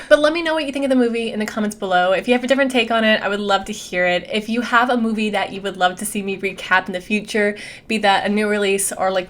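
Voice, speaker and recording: A woman's voice: mid-range voice, a bit bright. A young adult woman giving a casual, chatty movie recap, peppering her speech with "like". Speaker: movie reviewer.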